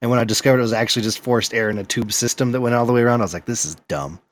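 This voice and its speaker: A man's voice: medium pitch, level tone, very fast, dry recording. A man in casual chat, joking around and bantering playfully.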